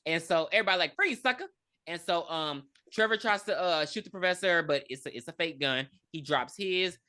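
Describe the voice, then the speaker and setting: A woman co-hosting a podcast, casually recapping a movie, acting out characters' lines in high squeals and swearing freely. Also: fairly quick, sharp tone. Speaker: podcast co-host. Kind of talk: casual movie review chat.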